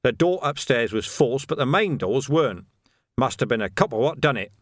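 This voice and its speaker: A man's voice: mid-range voice, expressive, normal speed, no room sound, studio quality, voice pushed up, lightly acted. A man voicing a sly, corrupt male sergeant who sounds falsely earnest and smug.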